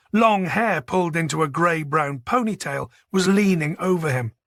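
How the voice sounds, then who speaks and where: A man narrating a thriller audiobook in a steady, measured way. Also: high voice, dry recording, clean studio sound. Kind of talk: scripted narration.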